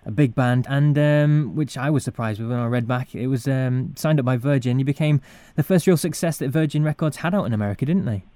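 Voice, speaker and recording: A man hosting a casual podcast, quick and chirpy, laughing often. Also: medium pitch, warm tone, smooth, no echo. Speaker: podcast host.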